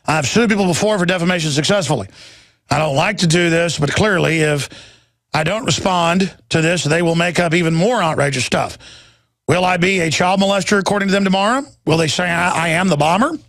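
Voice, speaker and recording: High-pitched ranting male radio host. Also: brisk, a bit bright, no echo. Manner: ranting, indignant, emphatic. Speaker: radio talk show host. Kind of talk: heated broadcast monologue.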